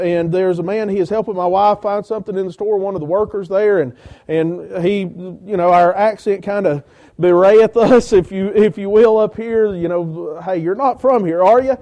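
Man, preacher, sermon testimony, high voice, mellow tone. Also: normal speed. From Georgia. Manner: storytelling with many quoted exchanges, rising intensity when quoting others. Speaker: church-planting preacher.

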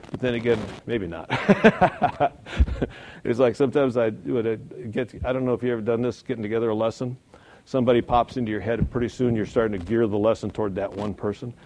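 A man teaching a Sunday school Bible lesson in a conversational, folksy way, slowing down and building up for emphasis. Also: mid-range voice, a little mellow, slight background noise. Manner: conversational, folksy, chuckles at own points.

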